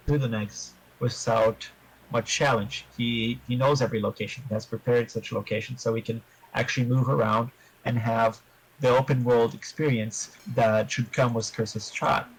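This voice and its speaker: A man answering interview questions about his tabletop game in a measured, explanatory way, giving advice to other players. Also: medium pitch, little pitch movement, breathy edge, rough recording.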